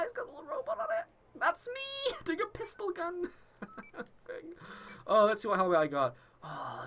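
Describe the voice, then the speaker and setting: A man hosting a gaming video, giving excited let's-play commentary in a gushing, excitable way. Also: very high-pitched. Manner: gushing, excitable, laughs often.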